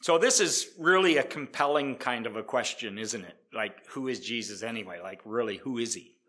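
A man preaching an evangelistic sermon, emphatic, swinging from loud declarations to hushed tones and often repeating himself. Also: medium pitch, moderate pace. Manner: repeats words, restarts often.

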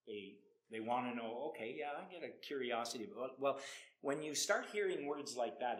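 Guy preaching hard, bright forceful voice, gets loud then drops quiet, keeps repeating himself. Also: mid-range voice. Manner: emphatic, swings from loud to hushed; repeats words, restarts often. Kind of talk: evangelistic sermon.

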